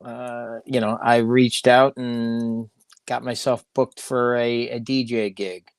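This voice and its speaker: Male guest, modest and easygoing, smooth voice, dry close mic. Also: mid-range voice, level tone, takes it slowly, no echo. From Chicago area. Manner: modest, easygoing, hesitant with fillers. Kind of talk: casual interview chat.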